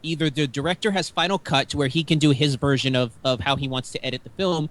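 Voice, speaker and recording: Higher-voiced man explaining film terms. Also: fast, a bit bright. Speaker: podcast co-host. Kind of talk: casual movie discussion.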